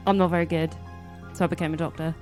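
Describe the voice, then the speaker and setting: A playful woman joins in a tabletop role-playing session and giggles between her lines. Her voice is mid-pitched, with faint music in the background. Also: level tone, quick pace, darkish tone. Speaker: player. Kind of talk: casual tabletop play.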